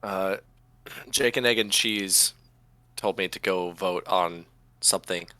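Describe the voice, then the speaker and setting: A man's voice: deep voice, slow, sharp tone, no echo. A man playing in a tabletop game, joking playfully with the group. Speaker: player. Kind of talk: casual tabletop game chat.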